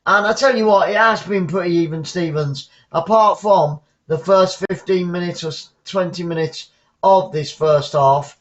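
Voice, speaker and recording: Southern English man, fan commentator, higher-pitched, excitable, muffled lo-fi mic. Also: normal speed. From England. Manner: excitable, shouts on goals, chatty asides. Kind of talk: live football commentary.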